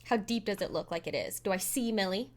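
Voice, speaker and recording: A woman player in a tabletop game, excitable and quick to gasp. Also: mid-range voice. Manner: excitable, gasping reactions. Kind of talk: casual tabletop game play.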